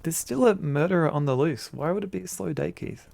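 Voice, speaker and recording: An Australian man streams an old adventure game, joking around and reading its text aloud into a desk mic as casual let's-play commentary. His fairly high voice is fairly quick, a little mellow and has vocal fry, with faint music behind.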